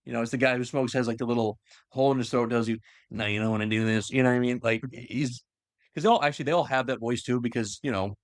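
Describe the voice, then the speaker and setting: A man's voice: medium pitch, fairly even intonation, quick pace, dry recording, studio quality. A man casually retelling a story in a loose, rambling way with many fillers. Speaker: lore explainer. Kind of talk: casual lore chat.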